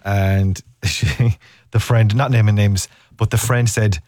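A man in his thirties with an Irish accent, hosting a radio show and telling animated stories with frequent laughs. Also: fairly low pitch, takes it slowly, no room sound. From Ireland. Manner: animated storyteller, laughs often. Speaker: radio host. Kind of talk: casual radio chat.

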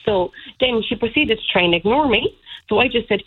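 A woman calling in to a radio show, indignantly retelling what happened in an animated way. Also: fairly high pitch, fairly quick, slightly rough. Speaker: caller. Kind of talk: radio phone-in chat. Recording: tinny phone line.

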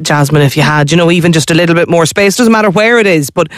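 Fast-talking Irish radio host, sympathetic. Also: male voice, fairly high pitch, dry recording, clean studio sound. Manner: sympathetic, reassuring, stumbles and repeats words. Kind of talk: radio phone-in interview.

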